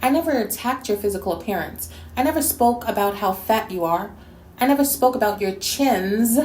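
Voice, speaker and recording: A woman's voice: medium pitch, lively intonation, normal speed, darkish tone, echoey room, a little hiss or hum. A woman from New York City hosting a response video, talking bluntly and scolding with plenty of sass. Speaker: YouTube reactor and host.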